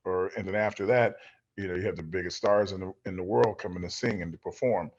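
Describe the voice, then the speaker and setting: A middle-aged man and former football player, telling stories as a guest in a relaxed interview, rambling and acting out the voices of people he quotes. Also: low voice, fast talker, highs cut off. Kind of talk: storytelling in a casual interview. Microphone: video call.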